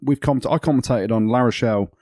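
A man's voice: mid-range voice, quick pace, no echo. A man co-hosting a rugby podcast in a studio, chatting casually, laughing often and telling stories with energy. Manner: laughs often, animated storytelling. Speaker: podcast co-host, rugby commentator. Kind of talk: casual chat.

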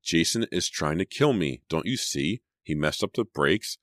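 A man voicing an excitable, suspicious teenage girl in an audiobook, in a raised, emphatic voice. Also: deep voice, normal speed, no echo, studio quality. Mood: bitter.

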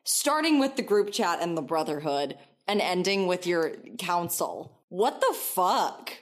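A woman's voice: fairly low pitch, lively intonation, unhurried. A woman co-hosting a casual podcast chat, blunt and sarcastic, swearing freely. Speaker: podcast co-host.

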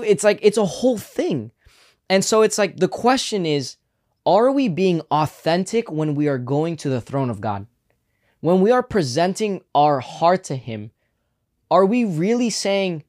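A man's voice: sits high, big pitch swings, a little mellow. A young man co-hosting a casual faith podcast, speaking earnestly and reflectively. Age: young adult. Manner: earnest, reflective, quick to affirm. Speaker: podcast co-host.

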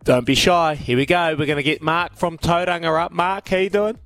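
A man's voice: on the high side, fairly even intonation, brisk, a bit bright, no echo. Kiwi male radio host, cheeky and playful with callers, light music bed. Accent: New Zealand. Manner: cheeky, teasing, laughs often. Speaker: radio sports quiz host. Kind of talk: upbeat radio banter with callers.

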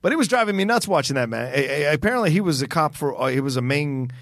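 Casual man, lively swooping delivery, dry close sound, swears freely. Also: on the high side, fast talker, no room sound. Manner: profane, animated, mimics voices. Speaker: podcast co-host. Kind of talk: casual chat.

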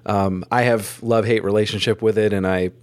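A man from Vermont hosting a podcast, chatting with a guest in a relaxed, chummy way and laughing along. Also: fairly low pitch, brisk. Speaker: podcast host. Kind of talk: casual interview chat.

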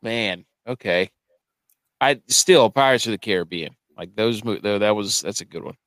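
A man's voice: on the low side, moderate pace, fairly bright tone, dry recording. A man co-hosting a casual podcast, playful and teasing as he chats about movies. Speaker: podcast co-host.

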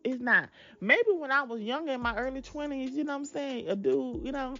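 A woman in her twenties talking candidly to her viewers, blunt and sassy, with emphatic, drawn-out asides and plenty of profanity. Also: sits high, sharp tone, muffled recording. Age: 20s. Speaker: vlogger. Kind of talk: candid casual chat to viewers.

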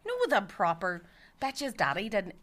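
Bright, animated Belfast woman. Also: medium pitch, quick pace. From West Belfast, Northern Ireland. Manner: animated storyteller, swears freely, laughs often. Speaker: guest comedian. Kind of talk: casual podcast chat.

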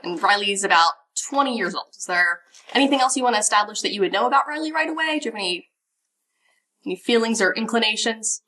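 Bright-voiced woman game master. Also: mid-range voice, fast, far from the mic. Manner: relaxed and chatty, with laughs. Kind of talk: narrating a tabletop role-playing game.

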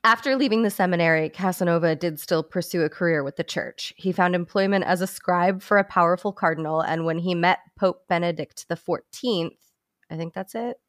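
A woman reads history aloud on a casual podcast, pausing to crack jokes with her co-hosts. Her voice sits at a middle pitch, recorded dry and close with no room sound. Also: a bit bright, no room sound. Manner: reads quoted passages then jokes. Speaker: podcast co-host reading history. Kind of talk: casual comedic history chat.

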